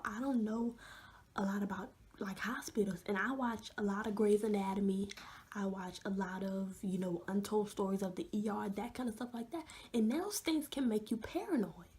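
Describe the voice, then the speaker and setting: Mellow-voiced young woman telling a story. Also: mid-range voice. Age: young adult. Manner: animated storytelling, many fillers, drops to a hush. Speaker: vlogger. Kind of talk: storytime vlog.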